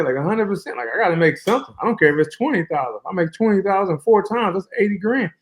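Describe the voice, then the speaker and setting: A man speaking as a guest fighter in a casual interview, relaxed and colloquial, telling long flowing stories over a remote call. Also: high-pitched, racing, few pauses.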